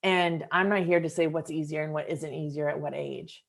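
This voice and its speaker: Low, gravelly-voiced woman hosting a podcast. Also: fairly even intonation, a little fast. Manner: thoughtful, earnest, speaks to listeners directly. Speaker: podcast host. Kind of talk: reflective interview conversation.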